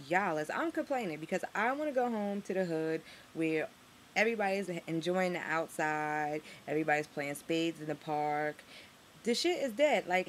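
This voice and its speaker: Speaking in a lowish voice over a slight hiss or hum, this Harlem woman with a New York accent vlogs a rant straight to camera. She's sarcastic and swears freely, and her voice leaps upward when outrage hits.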